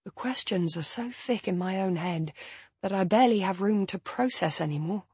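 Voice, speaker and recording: A woman narrating a first-person audiobook in a measured, even storytelling manner. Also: mid-range voice, husky, no echo.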